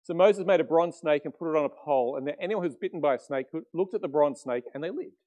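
Animated pastor preaching, man. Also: fairly high pitch, fast talker. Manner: conversational, animated storytelling with acted quotes. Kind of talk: sermon.

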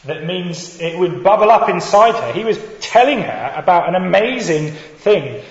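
A man's voice: high-pitched, very animated, normal speed. Male preacher in an echoey hall. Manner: earnest, reflective, addresses listeners directly. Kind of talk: sermon. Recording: dull echoey hall with faint noise.

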